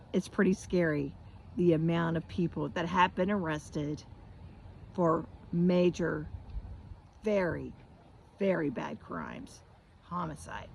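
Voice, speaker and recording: A woman's voice: lowish voice, slight background noise. A middle-aged woman from the United States in an impassioned monologue, blunt and profane, now and then mocking others in sing-song voices. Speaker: vlogger.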